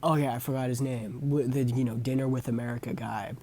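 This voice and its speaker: This young male vlogger talks loosely about movies he's seen, speaking briskly in a medium-pitched, dark-toned voice with fairly even intonation. His review wanders, with many fillers and self-corrections.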